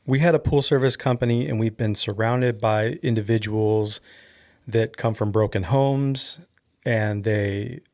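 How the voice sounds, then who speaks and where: A man's voice: fairly low pitch, measured pace, a little mellow. A man hosting a podcast, asking a guest a question and taking care to explain why the topic matters to the show. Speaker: podcast host. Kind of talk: interview questions.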